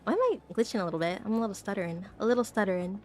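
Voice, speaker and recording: A woman's voice: medium pitch, expressive, racing, darkish tone, a little hiss or hum. A young woman chatting casually on a live stream, giggling often and tripping over her words as she rambles to her viewers. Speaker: VTuber streamer.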